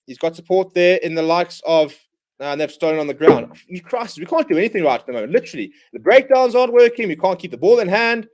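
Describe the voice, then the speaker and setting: A man hosting a live rugby watchalong, calling the play in quick bursts and ranting in exasperation at his own side. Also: high voice, animated. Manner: exasperated, ranting fan commentary. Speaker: watchalong host. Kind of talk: live match watchalong commentary.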